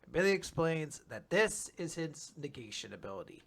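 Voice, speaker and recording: A man's voice: a little high, very animated, moderate pace, gravelly, few pauses, fairly bright tone. A man co-hosting a podcast, animatedly recapping a manga in casual chat and acting out the characters. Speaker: podcast co-host.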